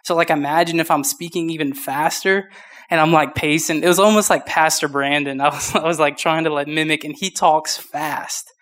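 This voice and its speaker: A man's voice: fairly high pitch, steady tone, normal speed, fairly bright tone. A young man in his twenties preaching a casual youth sermon, short of breath, with many restarts and fillers. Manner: informal, rambling, many restarts. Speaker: youth pastor.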